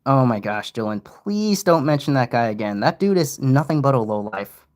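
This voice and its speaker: A man's voice: mid-range voice, normal speed. A young man giving casual, rambling livestream commentary, often interrupting himself. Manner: rambling, self-interrupting, animated. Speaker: streamer.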